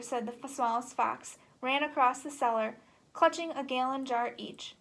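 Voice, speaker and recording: A woman reading a children's book aloud in an animated, expressive way. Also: fairly high pitch, normal speed. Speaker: storybook reader.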